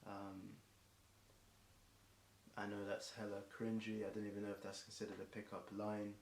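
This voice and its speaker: Improvising rhymes during a marathon song, this young streamer from England keeps his low voice monotone, stumbling over lines, restarting and saying um a lot. He's going hoarse, and his voice sounds tired. He's at normal speed, recorded in a room with echo and a faint background hiss.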